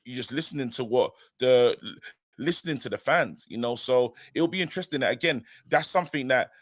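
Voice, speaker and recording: A man's voice: mid-range voice, a little fast, no room sound, studio quality. A man co-hosting a fan livestream, talking in a laid-back, slangy, conversational way. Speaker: regular co-host on fan channel. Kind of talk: casual live-stream chat.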